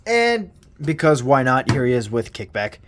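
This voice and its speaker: A man's voice: mid-range voice, big pitch swings, moderate pace, a little hiss or hum. A man giving a casual toy review, rambling and self-deprecating, with casual swearing.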